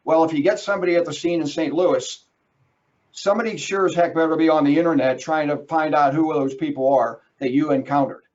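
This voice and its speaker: Man, webinar presenter, emphatic, direct, higher voice, muffled lo-fi audio. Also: steady tone, brisk, a little mellow. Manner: emphatic, direct, addresses listeners as folks. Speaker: webinar presenter on trucking risk.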